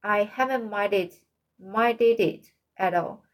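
A woman's voice: mid-range voice, slow pace, close to an everyday voice, poor audio. A woman reading the part of a cheerful, imaginative teenage girl in a storybook, talkative and dreamy.

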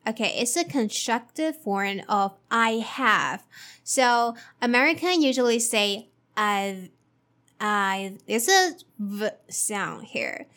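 Slow, careful woman teaching pronunciation. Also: on the high side, animated, fairly bright tone. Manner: slow, careful, drills sounds by repeating them. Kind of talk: pronunciation lesson.

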